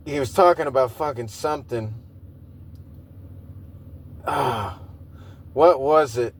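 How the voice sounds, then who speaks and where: A man hosting a casual solo podcast, rambling and swearing freely and laughing often. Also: fairly high pitch. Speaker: podcast host.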